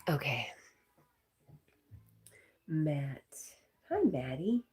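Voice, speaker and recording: A woman's voice: low voice, big pitch swings, drawn-out words, a little mellow. A woman hosting a casual live stream, reading viewer comments aloud and chatting with a laugh.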